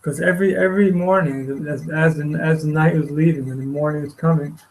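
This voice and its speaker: Male teacher, gravelly, somewhat high, halting storyteller. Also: fairly even intonation, low-quality recording. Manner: halting, repeats words, many restarts. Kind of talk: retelling a story in a lecture. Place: study hall.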